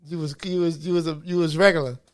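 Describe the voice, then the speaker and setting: A man's voice: fairly high pitch, fairly even intonation, fast talker. A man co-hosting a podcast, chatting casually and reacting with short remarks. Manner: short reactions, laughs often. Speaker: podcast co-host. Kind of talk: casual chat.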